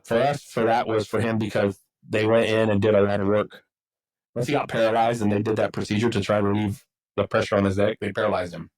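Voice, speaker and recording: A man's voice: fairly low pitch, low-quality recording. A swearing middle-aged man spinning stories. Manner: swears freely, acts out quotes, rambling. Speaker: podcast guest, football coach. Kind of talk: casual storytelling.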